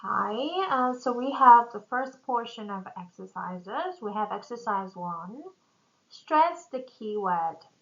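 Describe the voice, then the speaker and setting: Slow, bright-voiced woman teaching English. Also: mid-range voice, lively intonation, lo-fi sound. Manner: addresses viewers as "guys", reads model sentences aloud. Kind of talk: slow explanatory lesson.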